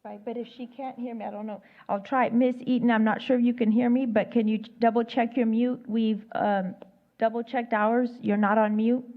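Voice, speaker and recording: A woman's voice: fairly high pitch, level tone, normal speed. Polite woman official on tinny audio. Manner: polite, patient, repeats checks. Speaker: meeting official calling roll. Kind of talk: formal meeting procedure.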